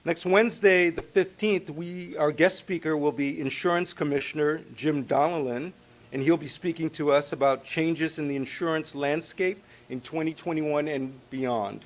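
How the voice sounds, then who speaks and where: A man making steady, businesslike announcements at a club meeting. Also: on the high side, moderate pace.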